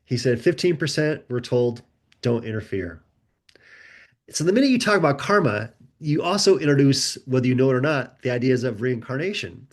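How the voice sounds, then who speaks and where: A man, a guest author, telling a personal story in a relaxed conversational way, acting out the people he quotes. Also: mid-range voice, normal speed. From United States. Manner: animated, acts out quoted voices.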